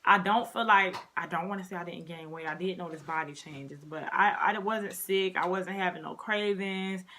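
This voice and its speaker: A woman's voice: fairly low pitch, normal speed, bright, forceful tone. A woman in her twenties telling a casual storytime to her viewers, chatty and talking straight to them. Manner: chatty, addresses viewers as y'all. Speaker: vlogger.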